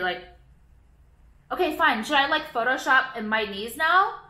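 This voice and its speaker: A woman's voice: sits high, animated, moderate pace, bright, forceful tone, roomy sound. Ranting, profane young woman vlogger. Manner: rambling, profane, irritated, lots of "like". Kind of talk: casual ranting vlog.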